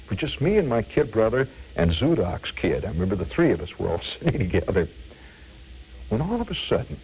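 An older man telling a childhood memory as a vivid, animated radio storyteller. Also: sits low, creaky, muffled recording, slight background noise.

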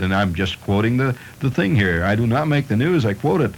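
A middle-aged male radio host spinning comic stories out of strange news items. His voice sits at a middle pitch but leaps about with lively, animated inflection. A faint hiss lies underneath. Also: brisk, few pauses, low-quality recording. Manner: playful storytelling with chuckles.

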